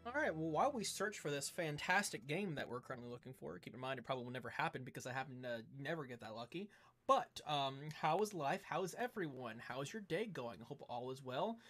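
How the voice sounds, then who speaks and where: A man's voice: mid-range voice, lively intonation, fast, a bit bright. A man in his twenties from the Southern United States, chatting casually with his live-stream audience in a playful, mock-indignant way and tripping over his words for comic effect. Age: 20s. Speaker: game streamer.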